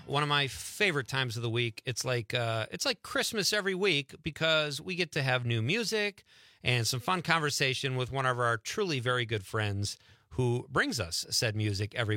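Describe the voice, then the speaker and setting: An upbeat man hosting a radio show, talking in a bright, forceful voice. He chats casually and laughs easily. The studio sound is dry and close. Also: mid-range voice, no room sound. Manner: upbeat, chatty, quick to laugh. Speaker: radio host.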